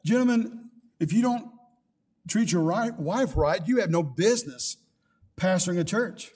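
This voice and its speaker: High-voiced older male pastor preaching. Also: lively intonation, unhurried, darkish tone. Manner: preaching with rising emphasis and scripture quotes. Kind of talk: sermon.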